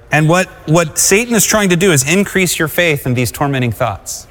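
A man's voice: on the high side, animated, normal speed, a bit bright. A man preaching a sermon, exhorting and calling on the congregation to answer him. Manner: exhorting, calls for congregation responses. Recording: long hall reverb.

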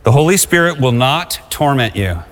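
A man's voice: medium pitch, expressive, normal speed, fairly bright tone. A man preaching a sermon, exhorting and calling on the congregation to answer him. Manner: exhorting, calls for congregation responses. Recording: long hall reverb.

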